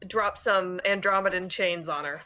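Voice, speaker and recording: A woman's voice: fairly low pitch, moderate pace, bright, forceful tone, muffled recording. A woman playing in a tabletop game, talking in a hesitant way with many restarts. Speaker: player.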